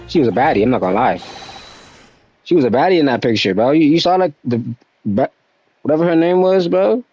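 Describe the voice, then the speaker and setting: A man's voice: on the high side, animated, brisk, pauses often, a little mellow, soft background music, rough recording. A young man chatting casually on a game stream, laid-back and slangy, talking to his viewers.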